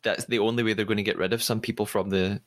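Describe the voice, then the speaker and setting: A man's voice: fairly low pitch, fairly even intonation, quick pace. A man hosting a podcast, recapping a TV episode in a chatty, hesitant way with many restarts. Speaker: podcast host. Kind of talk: casual podcast recap chat.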